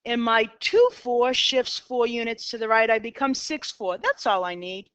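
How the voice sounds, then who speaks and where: A woman's voice: a little high, expressive, normal speed, fairly bright tone, smooth, no room sound. Upbeat Boston woman teaching math. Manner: upbeat, talks to herself while sketching graphs. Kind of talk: classroom lecture. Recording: dull lo-fi, dry.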